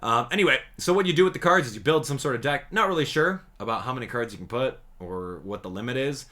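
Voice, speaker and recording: A medium-pitched, fast-talking gaming YouTuber riffs on a game trailer, full of slang and excitement that flips between hype and sarcasm.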